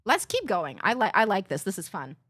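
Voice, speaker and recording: A woman's voice: medium pitch, huge pitch swings, a little fast, a bit bright. A woman live streamer talking casually with her chat, ranting with sarcasm and swearing.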